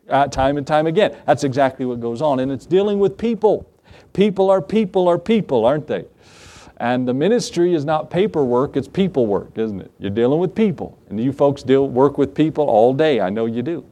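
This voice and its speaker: A man's voice: mid-range voice, expressive, brisk, warm tone. A man preaching a sermon, reading scripture and telling folksy stories with rhetorical questions to the congregation. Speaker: pastor.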